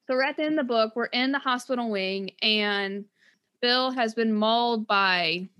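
A woman co-hosting a casual book-talk show, lively and acting out characters' lines as she recaps. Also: a little high, normal speed, clean tone. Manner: animated, acts out characters' lines. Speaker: podcast co-host.

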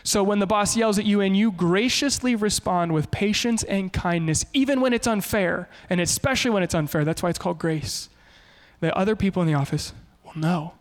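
Male pastor, high-pitched, lively preacher, big echoing hall. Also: brisk. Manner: animated, shifts into quoted voices. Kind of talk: sermon.

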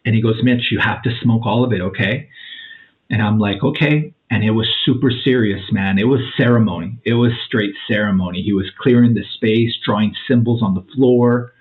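A man's voice: fairly low pitch, brisk. Forties male guest: chatty, acts out every quote, drops "dude" often; tinny phone-quality audio. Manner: animated storyteller, acts out quotes, says "man" and "dude" a lot. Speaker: podcast guest. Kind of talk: casual storytelling.

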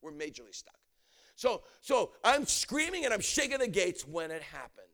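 A man preaching a story in an animated, storytelling sermon, now and then shouting. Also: high-pitched, moderate pace. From United States.

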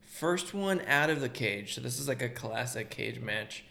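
A man hosts a casual podcast, setting up a silly game with playful, emphatic rules. His mid-range voice carries a steady gravelly edge. He talks loosely and jokingly with friends. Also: medium pitch, moderate pace. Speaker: podcast host running a game segment. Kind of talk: casual chat.

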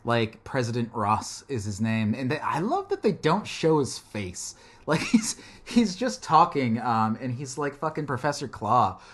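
A man's voice: mid-range voice, big pitch swings, unhurried. A man in casual chat, rambling and joking, swearing now and then as he talks through a film.

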